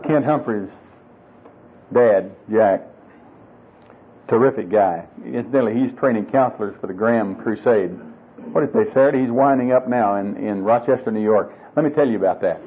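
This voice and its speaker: A man's voice: lowish voice, normal speed, slightly rough. An older man preaching a sermon to married men, folksy and humorous, coaxing his listeners along. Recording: tinny lo-fi phone-like sound.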